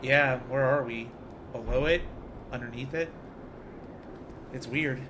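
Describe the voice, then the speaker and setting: A man's voice: mid-range voice, slow pace, fairly bright tone, slight background noise. A man playing a game on a stream, reacting with jokes in casual chat. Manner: joking reactions while playing.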